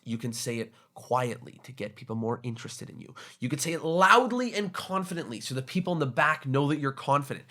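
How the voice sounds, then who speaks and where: A young man hosting a solo podcast episode, talking in an upbeat, energetic, casual way with bits of slang. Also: fairly high pitch. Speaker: podcast host.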